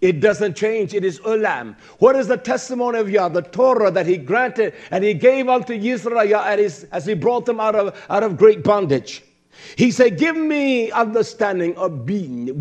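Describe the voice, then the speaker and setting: A man preaching a sermon, quoting and expounding scripture, swinging from shouted high exclamations to low murmurs. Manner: quotes and expounds scripture, drawn-out emphatic words.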